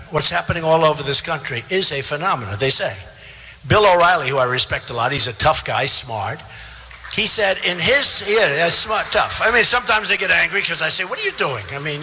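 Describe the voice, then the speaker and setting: A man's voice: fairly high pitch, sharp tone. An older man in his seventies giving a boastful, rambling campaign speech to a crowd in a large theater. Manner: boastful, repetitive, conversational asides to the crowd. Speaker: political candidate at a rally. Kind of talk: rally speech. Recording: long hall reverb from a theater PA.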